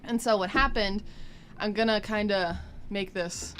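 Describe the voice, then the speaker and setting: A young woman on college radio, chatting casually and telling a story with animated, acted-out quotes. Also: mid-range voice, unhurried, a little hiss or hum. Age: young adult. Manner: animated storyteller, acts out voices. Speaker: college radio e-board member.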